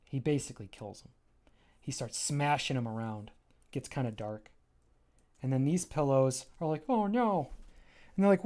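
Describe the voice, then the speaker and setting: A man talking casually on a livestream as he pages through his own graphic novel. He rambles happily and trails off mid-sentence while hunting for pages. His voice sits at an ordinary middle pitch. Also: mellow. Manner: enthusiastic, rambling and self-interrupting.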